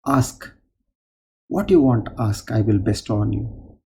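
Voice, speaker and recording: Calm divine lord, low and mellow, measured in speech, voiced by a discourse speaker. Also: male voice, vocal fry, breathy edge, exaggerated voice. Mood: gracious. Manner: measured, soft. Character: lofty male god, calm and gracious.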